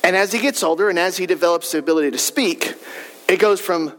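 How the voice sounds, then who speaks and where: A man's voice: sits high, a little fast, a bit bright, in a large hall, low-quality recording. A man in his thirties preaching a sermon in a church, in a folksy, conversational storytelling way. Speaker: pastor. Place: church sanctuary.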